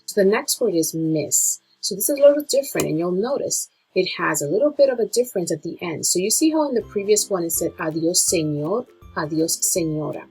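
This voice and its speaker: A woman with a very husky, slightly low voice leads a beginner lesson from slides. She speaks as a nurse teaching colleagues, slowing down and repeating each new word. Soft music plays faintly beneath her. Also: lively intonation, rough recording. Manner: slow, drawn-out pronunciation of Spanish words. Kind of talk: slide-based language lesson.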